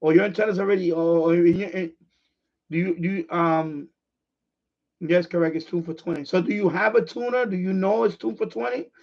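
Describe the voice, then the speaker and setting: A man with a high, gravelly voice hosts a ham radio livestream, talking fairly quickly as he handles his gear. He walks viewers through a casual demonstration, rambling and restarting sentences. The stream audio is dull and lo-fi.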